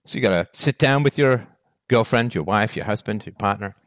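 A man delivering a solo monologue on virtue and relationships, firing off rhetorical questions with emphatic, animated delivery. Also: lowish voice, brisk, dry recording, studio quality. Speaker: philosophy talk host.

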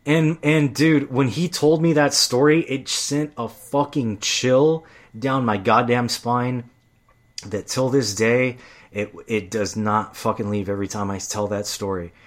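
A man's voice: medium pitch, fairly even intonation, measured pace. A man telling stories in a casual, heated monologue, swearing often and getting worked up. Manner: profane, heated storytelling.

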